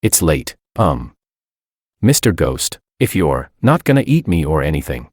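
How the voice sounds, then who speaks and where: A man's voice: very deep voice, big pitch swings, measured pace, darkish tone, husky, no echo, clean studio sound, full character voice. A man voicing a timid, easily startled young woman who stammers nervously in an audiobook story.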